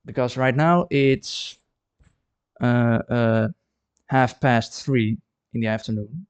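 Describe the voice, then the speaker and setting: A man's voice: mid-range voice, slow pace, clean tone, no room sound. A chatty man from the Netherlands, talking casually on a live stream from his art studio and often repeating words as he thinks. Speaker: ceramic artist streaming live. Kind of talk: casual livestream chat.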